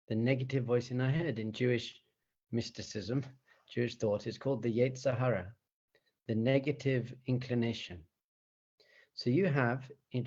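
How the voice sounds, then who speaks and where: With a breathy edge to his mid-range voice, a man teaches meditation as a rabbi, animated and conversational. He chuckles a lot and asks his listeners rhetorical questions, and the recording sounds slightly dull and lo-fi.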